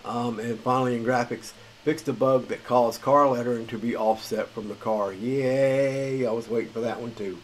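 A man's voice: mid-range voice, fairly even intonation, brisk, few pauses, slight background noise, poor audio. A man hosting a gaming channel, reading patch notes in a tired, rambling, casual way. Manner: rambling, filler-heavy, chuckles at himself. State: tired late at night.

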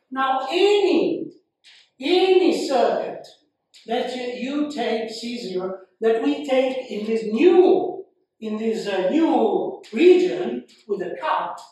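A man giving a university lecture, slow and halting, with frequent fillers and repeated phrases. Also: very high voice, a little mellow. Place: lecture hall. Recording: very echoey room, mic far off.

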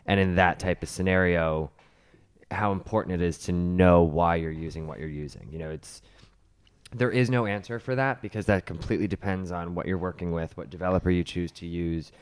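Deep-voiced man explaining hair colour. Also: fairly even intonation, clear, resonant tone. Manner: explains in a measured, teacherly way. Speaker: hairstylist co-host and colour educator. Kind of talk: casual podcast chat.

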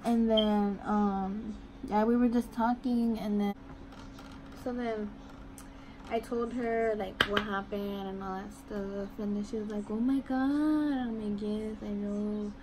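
A woman's voice: medium pitch, little pitch movement, measured pace. A young woman telling a rambling story in a casual chat while doing her makeup at home, saying "like" and "I'm like" a lot. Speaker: vlogger. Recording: noisy room ambience.

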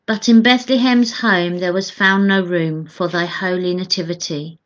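A woman's voice: lowish voice, steady tone, moderate pace. Woman leading church prayers, chatty, dry humour, reads scripture, dull lo-fi sound. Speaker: co-leader of midday church prayers. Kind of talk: casual chat and reading scripture aloud.

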